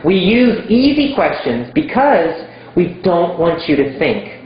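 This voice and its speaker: Slow, emphatic man in an echoey room. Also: sits high, very animated, a little hiss or hum. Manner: emphatic, repeats simple words for learners. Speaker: English teacher. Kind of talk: slow teaching monologue to camera. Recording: very echoey room, dull lo-fi sound.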